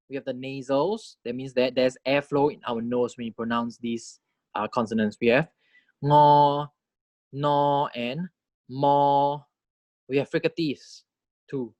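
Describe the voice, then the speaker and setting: A man's voice: mid-range voice, dry recording. Guy lecturing on pronunciation, patient, checks in a lot, dry close sound. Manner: patient, repeats key points with "right?" checks; models sounds slowly and clearly. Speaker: language teacher. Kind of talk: classroom lecture with slides.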